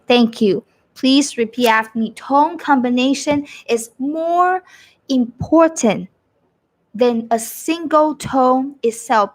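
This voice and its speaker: A woman with a fairly high voice teaches Mandarin over a live stream. She speaks in an unhurried way, stretching out the tones and repeating each example so viewers can follow. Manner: demonstrates tones by sliding her voice up and down, repeats phrases slowly. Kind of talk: live-streamed language lesson.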